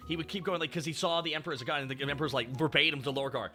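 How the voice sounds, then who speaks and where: A man hosting a live stream, chatting casually and telling stories in an excitable, animated way. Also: on the high side, racing, hardly any pauses, faint music behind. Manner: excitable, animated storytelling with swearing. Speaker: streamer host.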